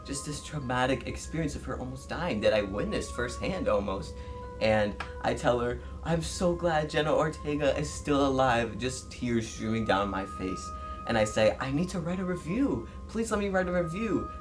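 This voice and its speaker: A man telling the story of a dream in a casual way, acting out his own quoted lines with lively jumps in voice. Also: medium pitch. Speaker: interviewee recounting a dream.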